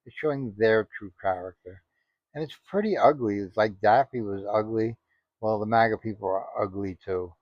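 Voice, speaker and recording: A man's voice: fairly low pitch, no room sound. A man giving casual spoken commentary, rambling and indignant, full of "you know" asides. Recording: dry, dull lo-fi audio.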